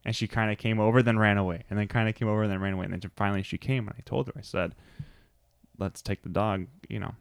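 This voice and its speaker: A man in his thirties co-hosting a podcast, telling a relaxed story in casual chat. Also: on the low side, fast talker, vocal fry, clear, resonant tone, no echo. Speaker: podcast co-host.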